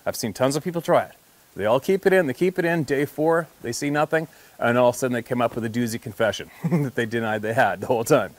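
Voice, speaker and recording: A hunting and fishing guide recounts a trip in a loose, animated storytelling voice at an ordinary middle pitch. He peppers his account with cussing and chuckles, swinging between hushed moments and loud bursts. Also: quick pace. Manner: animated, swears freely, laughs at his own story. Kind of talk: casual storytelling.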